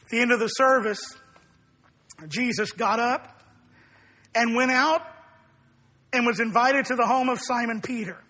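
A male pastor preaches in slow, measured phrases, leaning hard on key words. His voice sits very high for a man, bright and edged with a husky rasp. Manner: deliberate, emphatic preaching. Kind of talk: sermon.

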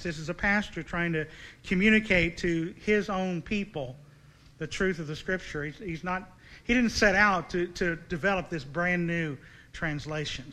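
A man delivers a sermon in a high, bright voice. He preaches earnestly and keeps turning to his listeners with direct, searching questions.

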